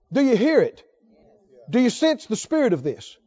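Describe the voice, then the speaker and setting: High-voiced emphatic male preacher. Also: very animated, normal speed, dull audio. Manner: emphatic, asks the congregation questions. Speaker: pastor. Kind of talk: sermon.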